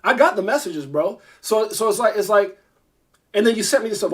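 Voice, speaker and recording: A man's voice: sits high, lively intonation. A man, a crypto YouTuber, ranting to camera, irritated, emphatic and repetitive. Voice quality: fast, emphatic, repeats himself. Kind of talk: heated rant to camera.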